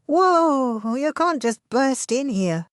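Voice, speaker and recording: A woman's voice: medium pitch, lively intonation, normal speed, dry recording, studio quality, voice pushed up, close to an everyday voice. Woman voicing an earnest flustered young man.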